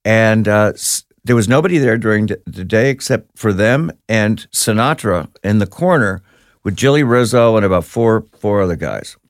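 Low-voiced man telling a story. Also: animated, normal speed, dry recording, clean studio sound. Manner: rambling anecdotes with many restarts. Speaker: guest. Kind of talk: casual storytelling in an interview. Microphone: studio microphone.

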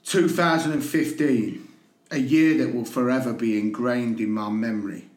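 A man's voice: mid-range voice, fairly even intonation, normal speed. A man co-hosting a casual podcast, breaking into laughing mock rants. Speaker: podcast co-host and teacher. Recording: echoey room.

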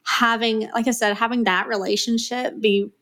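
A woman with a light Southern US accent chats as an interview guest, relaxed and friendly. Her voice sits a little high, and she laughs easily between thoughts. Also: moderate pace. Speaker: guest, executive assistant. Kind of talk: casual interview chat.

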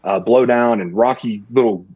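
Husky man telling a hunting story. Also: mid-range voice, normal speed, dry recording, muffled recording. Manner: rambling, animated when quoting others. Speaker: guest. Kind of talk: casual storytelling.

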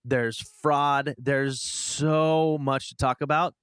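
A man in his twenties hosting a podcast, telling a long story in casual chat, rambling and animated with frequent restarts. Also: medium pitch, takes it slowly, background noise. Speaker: podcast host.

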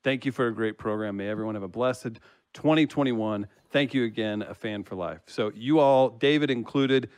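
A man's voice: mid-range voice, moderate pace, darkish tone, smooth, no room sound. A man hosting a casual chat show, reading listener comments aloud and laughing often. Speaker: host.

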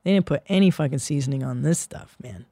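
Woman comic host, gravelly edge, dry close mic, swears freely, rambling anecdotal delivery. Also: low-pitched, fast talker, no echo. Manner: profane, animated, rambling anecdotes. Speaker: podcast host and comedian. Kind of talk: casual comedic storytelling.

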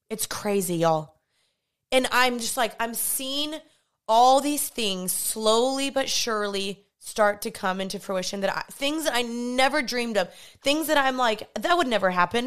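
Young woman, podcast host, fervent and emphatic, fairly high voice. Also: fairly bright tone. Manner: passionate, emphatic, repetitive. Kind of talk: faith-based podcast monologue.

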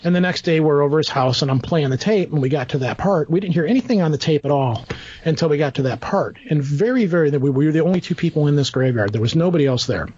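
A man's voice: on the high side, animated, fast, darkish tone, husky. Middle-aged man rambling through a story. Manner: rambling, acts out quoted voices. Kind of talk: casual storytelling. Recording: dull dry lo-fi recording.

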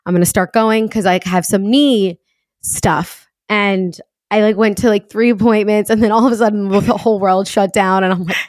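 A woman's voice: medium pitch, fairly even intonation, moderate pace, darkish tone, no echo. Woman, podcast host, chatty and upbeat, dry close sound. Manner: chatty, upbeat, lots of fillers. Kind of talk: casual interview chat.

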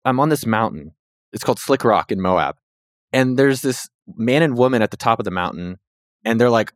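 Casting note: man, thirties, quick, low-voiced podcast host, animated storyteller, dry close sound. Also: no echo. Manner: animated storytelling, jumps up in pitch when quoting. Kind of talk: casual podcast chat.

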